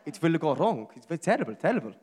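A man's voice: on the high side, very animated, very fast, a little mellow, breathy edge. A man putting on a French accent to voice a car manual giving a comic warning, heard with long reverb in a large hall. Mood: mock warning. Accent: put-on French.

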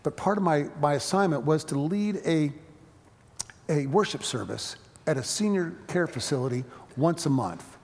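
A middle-aged man preaching a sermon as pastor, swelling loud and then dropping quiet. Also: fairly high pitch, lively intonation, moderate pace. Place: church sanctuary. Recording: long reverb of a church sanctuary.

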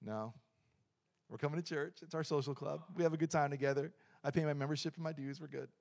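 A middle-aged man preaching a lively, joking sermon in a church, swinging between loud points and quiet asides. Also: on the high side, fast talker, vocal fry. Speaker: pastor.

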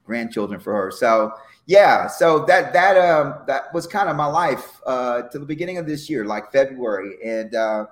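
A middle-aged former football player talking on a podcast in a relaxed, reflective way. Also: male voice, mid-range voice, normal speed. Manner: reflective, lots of fillers and restarts. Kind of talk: casual podcast conversation.

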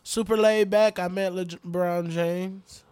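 A man's voice: high-pitched, fairly even intonation, takes it slowly, darkish tone, smooth. A man in a casual chat, boastful and laughing.

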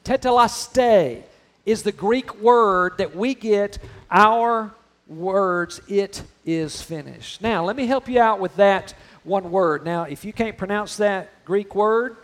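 A middle-aged man preaching a sermon, mixing humor with drawn-out emphatic phrases. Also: high voice. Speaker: pastor.

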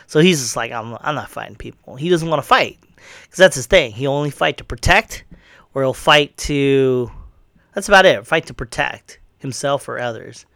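A man's voice: mid-range voice, lively intonation, normal speed, vocal fry, a bit bright, dry recording, clean studio sound. A man casually retelling a kung fu movie plot, rambling and swearing, acting out the characters' lines. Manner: rambling, profane, acts out quotes.

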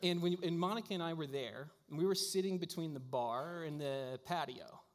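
A man's voice: a little high, moderate pace. A man preaching a sermon as a pastor, telling stories in a casual way with lots of fillers. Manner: casual storytelling with frequent fillers. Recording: long hall reverb.

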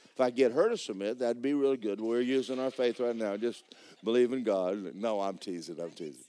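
A man preaching a sermon as pastor, swinging from shouted bursts to low, quiet lines and acting out dialogue. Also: fairly quick. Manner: acts out dialogue in dramatized voices. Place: church sanctuary.

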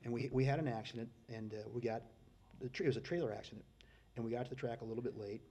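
A middle-aged man telling stories in a casual, folksy way, getting loud and excited at the punchlines. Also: medium pitch, very fast. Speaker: guest storyteller. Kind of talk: casual storytelling.

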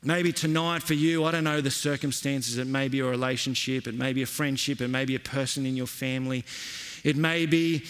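A man's voice: medium pitch, steady tone, fairly quick, fairly bright tone, clean tone, long reverb tail. A male pastor preaching a sermon in an earnest, emphatic way, repeating his key phrases.

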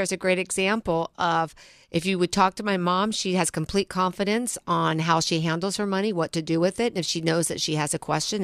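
A woman's voice: fairly low pitch, fairly bright tone, no room sound, clean studio sound. A middle-aged woman, a financial planner hosting a radio talk show, telling stories earnestly and restarting her sentences.

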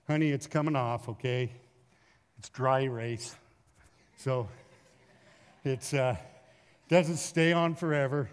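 A middle-aged man, a pastor, preaching a sermon in a folksy storytelling way with lively acted asides. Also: fairly high pitch, clean tone. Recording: long hall reverb.

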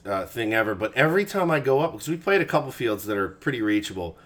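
A man in his forties with a fairly low voice talks fast as a guest on a podcast, chatting casually. He's an animated storyteller who swears freely and acts out the quotes.

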